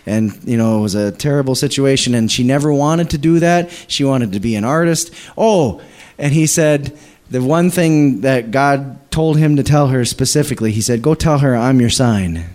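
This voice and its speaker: A man's voice: medium pitch, moderate pace, few pauses, darkish tone. A man telling a long faith story to a church, with many restarts, acting out the people he quotes. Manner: rambling, many restarts, acts out quoted voices. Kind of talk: animated storytelling in a church service.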